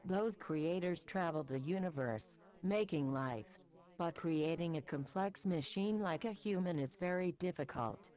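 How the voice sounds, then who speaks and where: A woman voicing a small, crude, hot-tempered male goat devil who swears a lot, in a lowered gruff voice. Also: a little mellow, close to an everyday voice.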